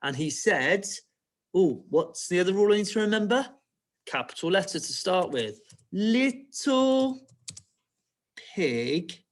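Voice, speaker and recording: A man's voice: high voice, animated, normal speed. A male primary school teacher giving an online writing lesson, patiently walking pupils through each step and checking they follow.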